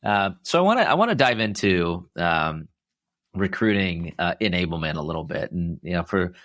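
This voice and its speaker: A man's voice: deep voice, big pitch swings, normal speed, fairly bright tone, dry recording, studio quality. A man with a Midwestern American accent hosting a podcast interview, chatty and full of fillers and restarts. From Midwest US, Iowa. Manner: chatty, many fillers and restarts, laughs easily. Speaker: podcast host. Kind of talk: casual interview chat.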